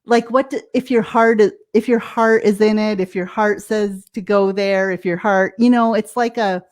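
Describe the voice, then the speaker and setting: A woman's voice: mid-range voice, fairly even intonation, normal speed. An American woman, a life coach as guest, explaining things casually, laughing often and acting out her own reactions. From United States.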